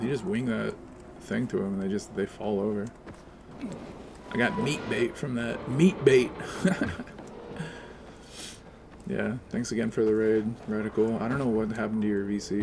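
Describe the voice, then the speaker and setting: A man's voice: fairly low pitch, normal speed, vocal fry, long pauses, noisy background. A man, streaming a game and ranting sarcastically with a lot of swearing. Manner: sarcastic, profane, animated. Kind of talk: casual ranting while playing a game.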